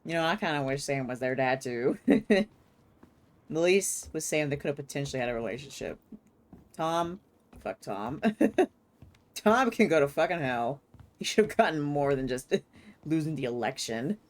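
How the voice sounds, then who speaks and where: Low-voiced, animated woman game streamer. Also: a little slow, long pauses. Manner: expressive, swears often, laughs readily. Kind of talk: casual live gameplay commentary.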